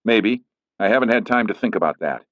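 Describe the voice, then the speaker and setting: Man voicing a firm man, measured, defensive, dry lo-fi sound. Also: on the low side, animated, no echo, pitched above the performer's own voice, lightly acted. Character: firm middle-aged man, a lawyer. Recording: dull lo-fi recording.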